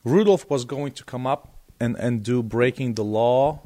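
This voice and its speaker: A man with a mid-range voice talks as a guest guitarist in a casual interview. He tells his story with animated energy, stumbling over and repeating words as he goes. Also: mid-range voice, a little slow.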